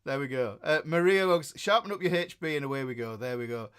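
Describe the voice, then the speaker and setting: Reading viewer comments during his guitar livestream, a man with a northern English accent talks fast and chattily, often restarting and filling gaps with filler words. His mid-range voice is clear, resonant and fairly bright.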